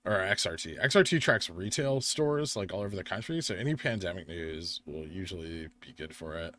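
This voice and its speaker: Tired, rambling man with a deep voice. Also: expressive, brisk, a bit bright, dry recording. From United States. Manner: rambling, talks while reading chat and charts. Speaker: livestream host. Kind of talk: casual live-stream chat.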